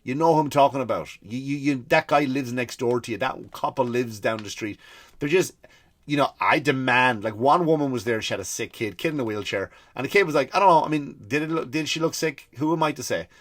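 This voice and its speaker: A man with an Irish accent, a comedian hosting his podcast, telling stories in an animated comic rant and acting out the people he quotes. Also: medium pitch, a little fast. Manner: animated storytelling, acts out quoted people, swears freely.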